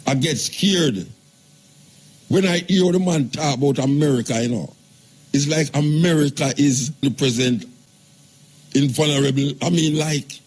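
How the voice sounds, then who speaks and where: A man's voice: mid-range voice, husky. Emphatic older Jamaican man. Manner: emphatic, rambling, speaks in patois. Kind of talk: live radio talk.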